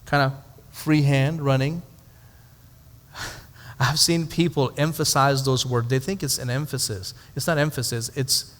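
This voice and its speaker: A man's voice: on the high side, fairly bright tone, big-room sound. A male pastor teaching a Bible study to a live audience in a conversational way, asking rhetorical questions and adding dry humorous asides.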